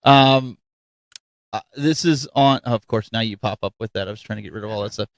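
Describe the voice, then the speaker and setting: A man's voice: fairly low pitch, a little fast, vocal fry, no echo. A middle-aged man from Ohio, hosting a casual panel chat and rambling with lots of restarts. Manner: rambling, animated, restarts often. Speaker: podcast host.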